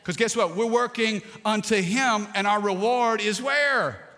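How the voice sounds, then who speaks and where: In a church sanctuary with long hall reverb, a male pastor preaches a sermon in call-and-response style. His high-pitched, sharp voice moves a little slowly as he calls out to the congregation and slips in playful jokes.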